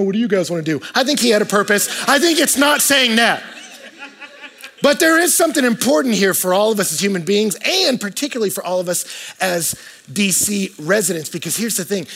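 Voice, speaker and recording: A man preaching a sermon to his church, talking conversationally and swinging between hushed and loud moments. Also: sits high, husky. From United States. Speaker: pastor.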